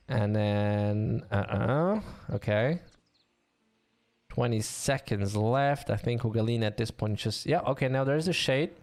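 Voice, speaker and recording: A man's voice: mid-range voice, darkish tone. A man casting a live online game match, chatty and joking with his co-caster and the audience. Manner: chatty, joking, easily amused. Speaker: esports caster.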